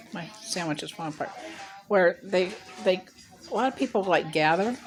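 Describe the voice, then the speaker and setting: A woman in her sixties from Ohio tells a story in a somewhat low voice. She rambles and drifts into side remarks as she goes. It is recorded on a phone held at arm's length. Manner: rambling, chatty, with asides. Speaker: mukbang vlogger. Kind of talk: casual storytelling to camera. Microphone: handheld phone.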